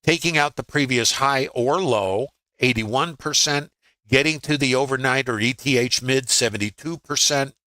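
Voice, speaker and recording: A man's voice: medium pitch, moderate pace, bright, forceful tone, no echo, poor audio. An older man teaching a live trading webinar, talking conversationally with dry humor and frequent filler words. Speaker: trading educator.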